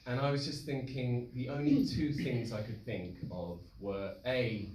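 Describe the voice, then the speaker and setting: A young man telling a true story live on stage, animated, acting out the voices of the people in it. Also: medium pitch, measured pace. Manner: animated, acts out voices in quotes. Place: live event hall with audience. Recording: roomy live hall, distant mic, noisy.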